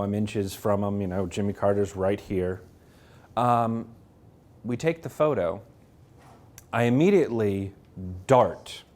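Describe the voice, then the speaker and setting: Animated man telling stories to an audience. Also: medium pitch. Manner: animated, self-mocking, acts out quoted people. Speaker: author giving a library talk. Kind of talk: anecdotal storytelling to a live audience. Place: public library event room.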